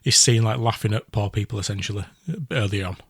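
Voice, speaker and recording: A man co-hosting a podcast, retelling a film scene by scene in a rambling, animated way. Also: on the low side, fast, slightly rough, no room sound, clean studio sound. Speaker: podcast co-host recapping a film. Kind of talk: casual chat.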